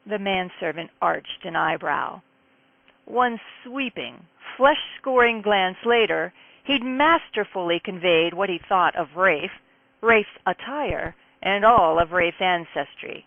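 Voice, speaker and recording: A woman's voice: lowish voice, lively intonation, slow, creaky, no room sound. Woman author reading her novel, tinny sound. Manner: dramatic, emphatic storytelling. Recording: tinny phone-like dry sound.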